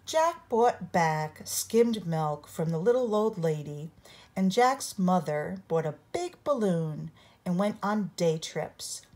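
An older woman narrates a children's read-along book at an unhurried pace. Her voice is husky and slightly low, and her pitch rises and falls expressively as she tells the story. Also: animated, a little mellow. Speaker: storybook reader.

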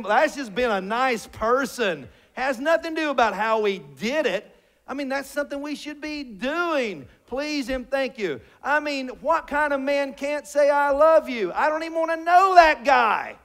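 In a church sanctuary, a pastor with a very high-pitched, fairly bright voice preaches to his congregation. He jokes along the way and poses rhetorical questions.

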